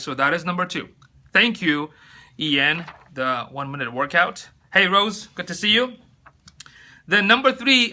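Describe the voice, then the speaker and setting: Man, high voice, very bright tone, casual phone live-stream tips, chatty and upbeat. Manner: upbeat, chatty, greets viewers by name mid-sentence.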